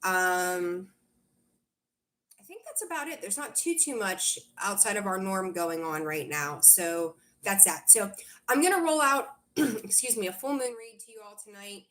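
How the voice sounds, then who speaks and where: A woman's voice: medium pitch, animated, unhurried, a bit bright. Woman, tarot livestream host, casual chat, chatty and rambling, full of ums. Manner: chatty, rambling, reads out viewer comments; frequent fillers and self-corrections. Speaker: tarot reader hosting a livestream.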